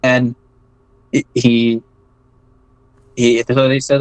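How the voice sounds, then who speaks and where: A man telling his story as an interview guest in a loose, rambling way, full of fillers and quick "right?" checks. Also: medium pitch, no echo, low-quality recording. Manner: rambling, many fillers and tag questions like "right?". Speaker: interview guest, former foreign volunteer fighter. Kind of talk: casual spoken storytelling.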